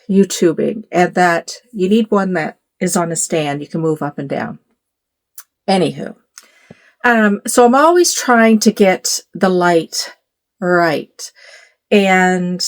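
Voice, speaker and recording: Chatty middle-aged woman rambling to camera. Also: mid-range voice. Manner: rambling, chatty, many fillers and asides. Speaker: doll collector vlogger. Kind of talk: casual chat to camera. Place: bedroom at home. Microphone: phone camera.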